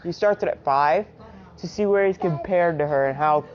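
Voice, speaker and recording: A woman's voice: on the low side, normal speed, a little mellow. A woman casually retelling a fan story, rambling with lots of filler asides. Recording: dull lo-fi home recording.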